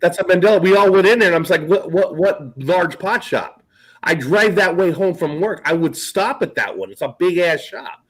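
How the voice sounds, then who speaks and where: A man's voice: high voice, expressive, brisk, few pauses, a bit bright, low-quality recording. A man co-hosting a casual talk show, rambling through stories and swearing often. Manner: rambling, swears freely, trails off. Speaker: podcast co-host. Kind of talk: casual chat.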